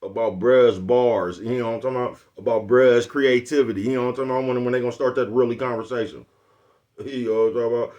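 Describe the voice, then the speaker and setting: A fast-talking man with a mid-range, slightly mellow voice and steady tone vlogs on his own channel. His rambling is casual, laid-back and boastful, punctuated by chuckles and repeated questions about whether you get what he's saying.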